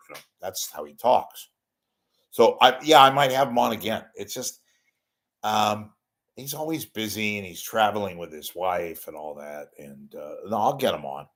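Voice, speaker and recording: A man's voice: on the low side, animated, moderate pace, a bit bright. An older man hosting his own talk show, talking off the cuff to viewers in a blunt, rambling, self-mocking way. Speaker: host of an online talk show. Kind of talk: unscripted solo talk reading viewer messages.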